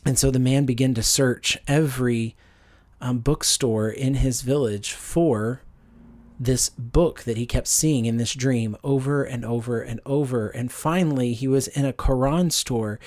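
A man teaching on scripture for a podcast, speaking in a measured, earnest way with frequent ums. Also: medium pitch, darkish tone.

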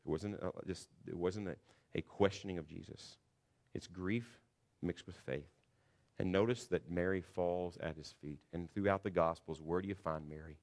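A man preaching a sermon in a church, earnest and building to loud, emphatic passages. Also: sits low, normal speed. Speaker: pastor.

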